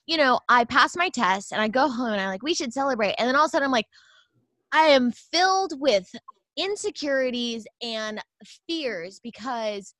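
A woman's voice: a little high, expressive, normal speed, a bit bright, dry recording. A woman who is a yoga teacher and new personal trainer, speaking hesitantly with many fillers in a casual chat. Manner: hesitant, filler-heavy, openly insecure.

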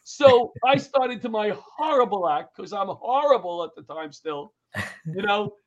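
A man's voice: high-pitched, unhurried, muffled recording. A middle-aged man, a comedian and former firefighter telling stories in a casual interview, acting out quotes in a raised voice. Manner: animated storyteller, acts out quotes in raised voice. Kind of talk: storytelling in casual interview chat.

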